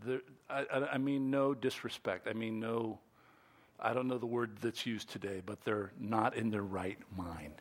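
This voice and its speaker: A man preaching a sermon in an animated, playful way, acting out quotes and little scenes to make his point. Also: fairly low pitch, normal speed.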